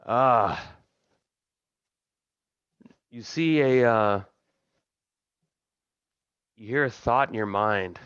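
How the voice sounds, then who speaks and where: A man's voice: medium pitch, drawn-out words, pauses often, fairly bright tone, clear, resonant tone, no room sound, muffled recording. A man running a tabletop game as game master, narrating casually with fillers.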